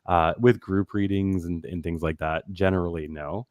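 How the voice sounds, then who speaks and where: A man's voice: low voice, fairly even intonation, moderate pace, darkish tone, no echo, studio quality. A man who is a guest medium, talking thoughtfully in a casual conversation and laughing now and then; he calls himself a nervous person. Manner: thoughtful, self-described nervous, laughs often.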